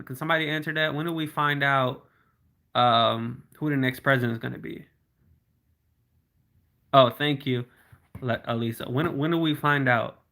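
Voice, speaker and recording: A man hosts a casual livestream and talks straight to his viewers. He reads their comments aloud and answers them in a loose, chatty way. His voice is bright and forceful, in a middle pitch. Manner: slows down to spell out links. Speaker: livestream host.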